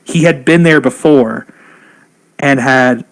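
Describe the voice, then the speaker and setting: Excitable young man gushing in chat. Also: medium pitch, takes it slowly. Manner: excitable, gushing, rambling explanations. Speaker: podcast co-host. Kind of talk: casual chat.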